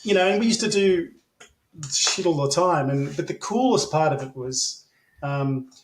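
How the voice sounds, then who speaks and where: Telling stories at length as an interview guest, an Australian man rambles, says "um" constantly, and swears without holding back. His voice is a little high and expressive at a moderate pace. The echoey recording carries a faint hiss or hum.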